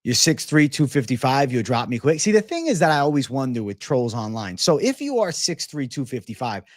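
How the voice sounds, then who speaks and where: A man's voice: medium pitch, very animated, brisk, dry recording. Profane, hyped male MMA streamer. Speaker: MMA livestream host. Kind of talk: casual livestream chat.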